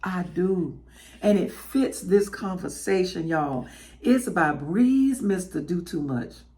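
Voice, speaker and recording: A woman's voice: fairly low pitch, takes it slowly. A woman with a Southern US accent hosting a podcast, chatting casually and laughing as she talks to listeners. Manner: animated, laughing, preacherly. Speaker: podcast host.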